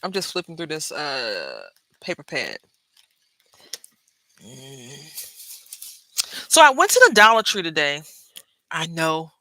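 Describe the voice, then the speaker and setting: A woman's voice: low voice, wildly swooping pitch, takes it slowly, pauses often, sharp tone, no echo. A woman hosting her crafting channel, chatting casually to viewers while she works at her craft desk. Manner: chatty, talks straight to viewers and chat, laughs often.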